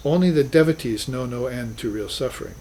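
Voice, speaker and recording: A man's voice: medium pitch, fairly quick, mellow, slight background noise, low-quality recording. Earnest male spiritual teacher lecturing. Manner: earnest, reflective, rises to emphatic bursts. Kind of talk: recorded class lecture.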